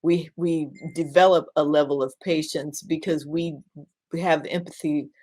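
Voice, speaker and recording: In an earnest talk about caregiving, a woman minister teaches through a story, slowing to emphasize key points while often repeating words and starting sentences over. Her voice is low-pitched, steady and mellow.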